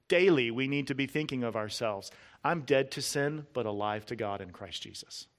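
Preaching with an animated, earnest emphasis at a moderate pace, a man punches out lists one word at a time. At key moments his voice sinks low and soft.

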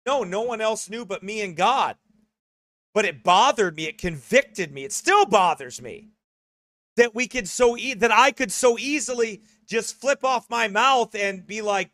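A man delivers a conversational sermon in an earnest, personal tone. His voice sits a touch high for a man. The recording is dry and close, with no room sound. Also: animated, a little slow, bright, forceful tone, dry recording. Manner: conversational, earnest, self-correcting. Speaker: preacher.

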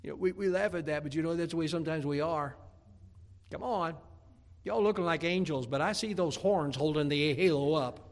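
In a slightly high, brisk voice, a man preaches as a pastor, spinning homely tales with humor. He repeats words as he builds, breaking into rising, emphatic bursts in his folksy storytelling style.

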